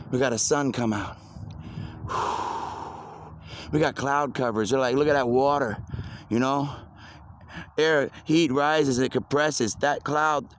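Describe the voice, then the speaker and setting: A man rambling excitedly in an outdoor monologue, repeating himself as he goes. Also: a little high. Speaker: video blogger. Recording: noisy outdoor recording.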